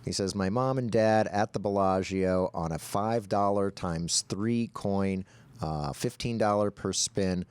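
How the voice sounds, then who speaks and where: A man with a low voice co-hosts a relaxed chat show and reads viewer letters aloud in an easygoing way. The recording is close and dry, with no room sound. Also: a little slow, clean tone, no room sound. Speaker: show co-host. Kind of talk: casual chat, reading viewer submissions.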